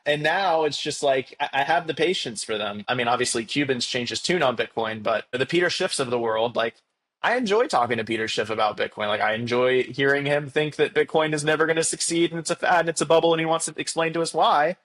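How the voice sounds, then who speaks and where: A man being interviewed at a conference, talking in a loose, animated way with many fillers and restarts. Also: medium pitch, fairly quick. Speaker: guest. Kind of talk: conversational interview. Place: conference venue.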